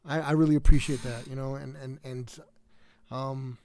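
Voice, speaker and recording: A man's voice: medium pitch, level tone, moderate pace, mellow. A tired man from the South Bronx with a New York accent, chatting casually to his livestream viewers, rambling with lots of fillers and restarts. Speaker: livestream host.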